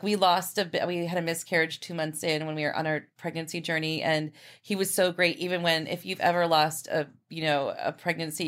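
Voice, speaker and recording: A woman with a somewhat low voice chats effusively as a podcast guest. Her speech is filled with fillers and asides. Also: a bit bright. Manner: chatty and effusive, many fillers. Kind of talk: casual chat.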